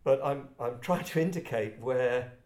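An older English man from Kent telling personal stories to a group in a reflective, halting, self-deprecating way. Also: medium pitch, a little mellow. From England, Kent. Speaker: speaker addressing a group. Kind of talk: personal storytelling talk. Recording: roomy echo.

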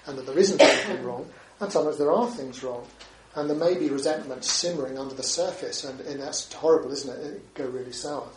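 In a mid-range voice, a man gives a dharma talk as a Buddhist teacher, chatting conversationally and regularly closing thoughts with questions like "isn't it?" The mic is distant, with roomy echo, faint ambience, and slight background noise.

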